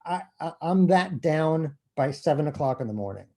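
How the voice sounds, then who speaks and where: A man interviewed as an author, talking in an animated, self-deprecating and profane way. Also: a little high, normal speed. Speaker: author guest. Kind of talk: conversational interview. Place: bookstore event.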